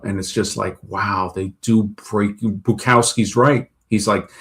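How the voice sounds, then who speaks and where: A man's voice: lowish voice, unhurried. A man in casual talk-show chat who rambles and restarts his sentences often. He acts out the people he quotes. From Brooklyn, New York.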